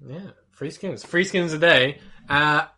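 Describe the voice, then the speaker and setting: A young-sounding man with a fairly high, bright voice tells rambling, sweary stories among friends. He talks loosely and casually, often breaking off into mocking voices of other people. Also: measured pace. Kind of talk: casual podcast chat.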